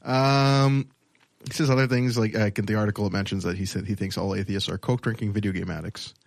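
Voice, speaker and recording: A man's voice: fairly low pitch, steady tone, fast, gravelly, no echo. A man co-hosting a casual podcast, telling a story with many fillers and hedges. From Canada. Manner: rambling, hedging with many fillers. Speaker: podcast co-host. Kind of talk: casual chat.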